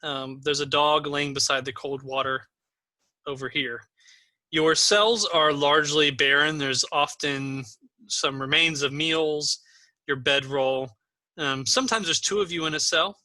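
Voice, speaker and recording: A man's voice: fairly high pitch, fairly even intonation, measured pace, bright, forceful tone, no room sound. A man acting as game master, patiently explaining the game and encouraging new players, with frequent ums.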